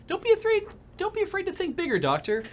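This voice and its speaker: A man voicing a smug, scheming male rival TV producer who lectures in a smooth, condescending way. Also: very high-pitched, huge pitch swings, quick pace, slight background noise, voice pushed up, heavily acted.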